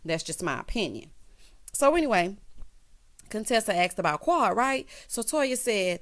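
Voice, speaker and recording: A woman's voice: mid-range voice, very animated, a little slow. A woman recapping a reality show in a sassy, chatty way, talking straight to the cast. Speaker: recap vlogger.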